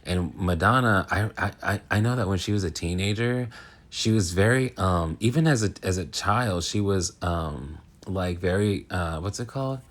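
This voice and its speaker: Low-voiced man rambling about astrology. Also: moderate pace. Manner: rambling, filler-heavy, frank. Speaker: astrologer, channel host. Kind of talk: casual monologue on astrology.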